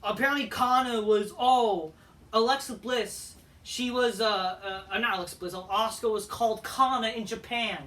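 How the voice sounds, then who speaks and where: A man's voice: high-pitched, steady tone, moderate pace, bright, forceful tone, far from the mic. A man ranting through a profane, exasperated video review of a wrestling show.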